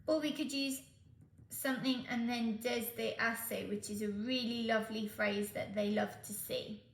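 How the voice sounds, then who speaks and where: Fairly high-pitched and creaky, the woman's voice stays steady and measured as she patiently tutors Spanish for an exam. The space sounds roomy, and she goes step by step, checking in with "okay?"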